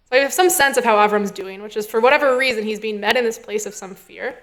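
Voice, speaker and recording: In a synagogue sanctuary, a woman serving as a rabbinic intern gives a sermon in a relaxed, think-aloud style, performing the dialogue she quotes. She talks quickly in a somewhat high, fairly bright voice.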